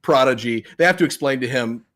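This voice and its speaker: A man's voice: mid-range voice, fairly quick, fairly bright tone. A man co-hosting a podcast, animatedly recapping a film, laughing often and acting out the scenes. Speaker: podcast co-host. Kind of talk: casual movie recap chat.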